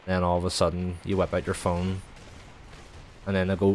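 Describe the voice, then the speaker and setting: A man's voice: sits low, completely flat delivery, moderate pace, darkish tone, a little hiss or hum. A young man streaming, chatting in a loose, rambling way, swearing freely and filling every gap with "like". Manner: sweary, rambling, heavy use of filler "like". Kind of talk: casual rambling chat.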